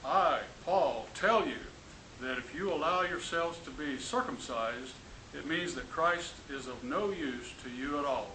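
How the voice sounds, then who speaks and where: A man from the class reading scripture aloud in a plain, steady way. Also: a little high, a little slow. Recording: roomy, with faint hiss.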